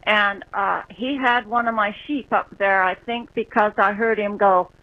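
Slow-talking woman on a phone line. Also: medium pitch, fairly even intonation. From Utah, US. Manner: slow, halting, with fillers. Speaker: caller. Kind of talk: telling a story on a call-in line.

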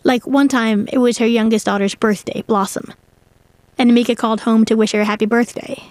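A woman narrating a documentary story in a measured, scripted way. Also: on the high side, steady tone, darkish tone, no room sound. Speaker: narrator and host. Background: faint music.

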